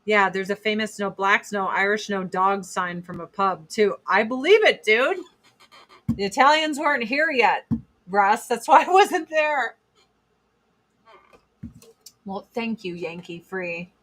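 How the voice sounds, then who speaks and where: A woman's voice: medium pitch, animated, unhurried, fairly bright tone. A woman in her forties hosting a casual chat stream from home, blunt and rambling, swearing freely.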